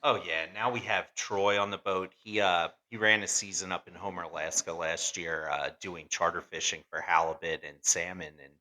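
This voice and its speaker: A male podcast host chats casually with his guest. He talks in a lowish voice with a bright, forceful edge. He is easygoing and jokes between loose, rambling questions. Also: fairly even intonation, normal speed, hardly any pauses. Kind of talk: casual interview chat.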